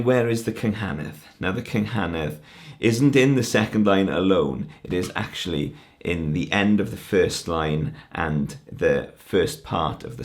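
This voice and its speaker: Speaking in a low register with vocal fry, a language teacher from Wales presents a conference talk explaining Welsh poetry. He takes words apart patiently, one syllable at a time.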